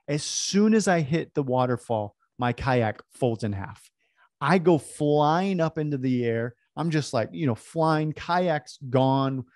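A man from California telling a personal story in an animated, self-deprecating way to an audience. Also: mid-range voice, unhurried, no echo, clean studio sound. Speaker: speaker. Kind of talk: storytelling talk.

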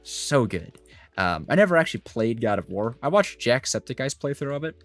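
A man's voice: medium pitch, big pitch swings, fairly quick, no echo, faint music behind. A young man giving rambling let's play commentary as a gaming YouTuber, chatty with lots of fillers and asides. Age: young adult.

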